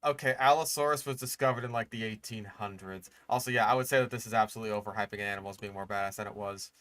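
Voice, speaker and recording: A man's voice: lowish voice, fast talker, fairly bright tone. A young man streaming casual reaction commentary, exasperated and sarcastic, swearing often.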